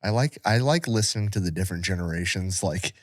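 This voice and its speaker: A man's voice: low-pitched, expressive, fast talker, no echo. A man trading blunt, profane banter in a casual podcast chat. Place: podcast studio.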